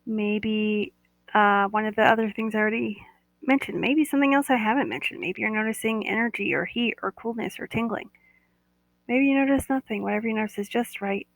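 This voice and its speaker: Gravelly woman guiding a meditation. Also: mid-range voice, brisk, no room sound, low-quality recording. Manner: soothing, coaxing, repeats cues like "that's right". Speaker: guided meditation teacher. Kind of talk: guided body-awareness meditation.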